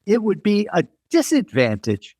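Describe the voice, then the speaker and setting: A woman's voice: mid-range voice, wildly swooping pitch, unhurried, warm tone, breathy edge, dry recording, clean studio sound, pitched above the performer's own voice, exaggerated voice. A man voicing a blunt, amused British woman designer in an emphatic quoted retelling.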